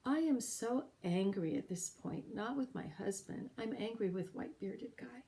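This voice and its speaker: A woman's voice: fairly high pitch, lively intonation, warm tone. Earnest middle-aged woman telling her story. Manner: earnest, emotional, with halting pauses. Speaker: podcast host sharing her story. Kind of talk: personal storytelling.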